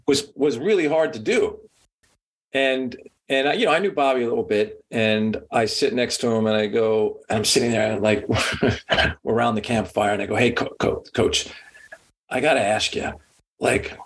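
A man's voice: medium pitch, moderate pace. A middle-aged man, a sports media executive, telling a story in a casual interview and filling it with "like" and "you know". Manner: rambling, heavy on "like" and "you know", lively when quoting.

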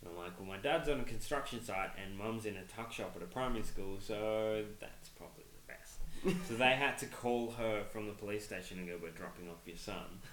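A man's voice: lowish voice, fairly quick, a bit bright, slight background noise. A man, co-hosting a podcast, telling a story in casual chat, swearing constantly and laughing as he goes. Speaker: podcast co-host. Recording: echoey room.

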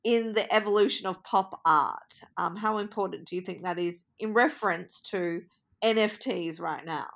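A woman's voice: mid-range voice, moderate pace, vocal fry, a bit bright. A woman hosting an interview, friendly and laughing often, with hesitant fillers. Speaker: interviewer host. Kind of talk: interview conversation.

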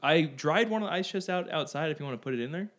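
A young man hosting a casual podcast, telling lively stories and swearing freely. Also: a little high, quick pace. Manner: animated storyteller, swears freely. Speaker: podcast host. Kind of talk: casual chat. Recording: faint background noise.

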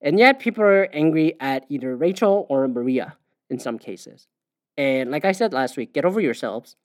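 A man hosts a podcast, ranting casually about sports media in a slightly high, expressive voice at normal speed. He swears a lot and fills gaps with "uh" and "you know," and the recording is clean, studio quality with no echo.

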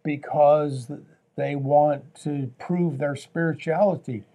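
Pastor, man, warm-toned, slightly high voice, earnest and preachy, repeats phrases. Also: steady tone, slow pace. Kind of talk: faith talk show conversation.

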